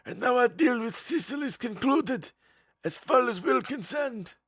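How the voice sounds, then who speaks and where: A man voicing a cold, high, measured game villain. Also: lively intonation, a bit bright, slightly rough, dry recording, full character voice. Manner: formal, measured reading of game text.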